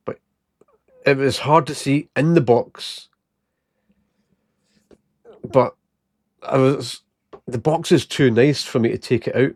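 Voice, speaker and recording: A man's voice: mid-range voice, darkish tone, no room sound, studio quality. Laughing Scottish man in his thirties. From Scotland. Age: 30s. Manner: laughs often while telling stories, puts on voices for quoted people. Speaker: vlogger. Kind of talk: casual storytelling.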